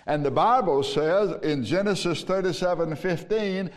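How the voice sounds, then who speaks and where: A man with a Southern US accent preaching a sermon as pastor, slow and emphatic with long pauses. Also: sits high. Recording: long reverb of a large hall.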